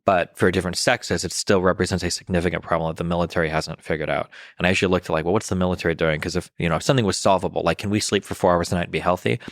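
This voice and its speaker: A man in his thirties talking as a podcast guest in casual conversation, quick and rambling, with many restarts and fillers. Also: low-pitched, fairly even intonation, no room sound, clean studio sound. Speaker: podcast guest, political commentator.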